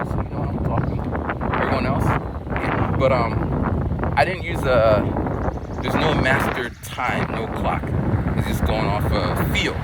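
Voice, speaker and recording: Chatty man vlogging outdoors, street noise. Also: medium pitch. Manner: chatty, storytelling, animated. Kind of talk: casual vlog monologue. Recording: outdoor phone recording, traffic noise. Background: traffic and street noise.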